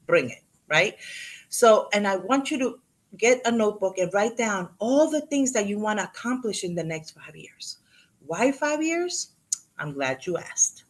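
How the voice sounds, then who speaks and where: A woman in her fifties giving a motivational talk to a live audience, telling animated stories, acting out what people said and dropping in Spanish words. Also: medium pitch. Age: 50s. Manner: animated storyteller, acts out quotes, mixes in Spanish. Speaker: real estate agent and motivational speaker.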